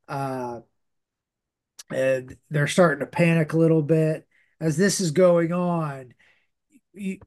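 Slow, rambling man recapping a comic. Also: fairly high pitch, darkish tone. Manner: rambling, many fillers and restarts. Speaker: podcast host. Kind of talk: casual comic book recap.

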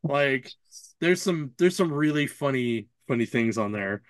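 A man's voice: mid-range voice, a little slow, no echo. Rambling male podcast host, dry sound. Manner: rambling storyteller, animated quoted voices. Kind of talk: casual chat.

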